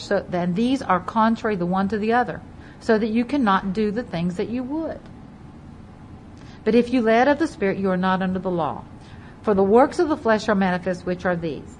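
A woman preaching a sermon, reading scripture aloud and stressing key words over and over, her loudness rising and falling. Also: mid-range voice, slight background noise, rough recording. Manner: emphatic, repeats key words, varies loudness widely; reads scripture aloud in King James wording. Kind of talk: Bible teaching sermon.

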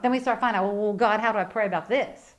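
Speaking at a quick pace in a medium-pitched voice, a middle-aged woman preaches fervently. She swings between quiet, reflective moments and loud outbursts of emphasis.

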